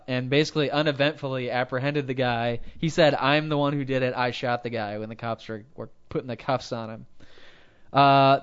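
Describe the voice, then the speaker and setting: A man with a smooth, resonant voice of ordinary pitch co-hosts a podcast. He reads out a news article in a casual way, stopping for jokey side comments. The audio is a bit dull and muffled. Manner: reads an article aloud with joking asides. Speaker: podcast co-host. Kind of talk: casual chat, retelling a news story.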